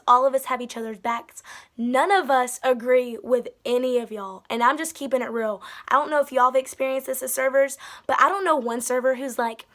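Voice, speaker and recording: A young woman telling a storytime vlog into her phone indoors, sassy and animated, with mocking quoted voices. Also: high-pitched. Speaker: vlogger. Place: indoors by a wall.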